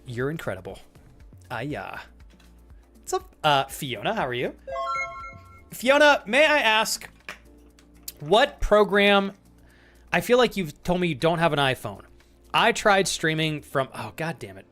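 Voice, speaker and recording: A playful man chatting on a live stream, his voice sitting a bit high and swinging widely as he laughs and protests in mock outrage. Faint music plays behind him. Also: sing-song, normal speed, fairly bright tone. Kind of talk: casual live-stream chat reading viewer messages.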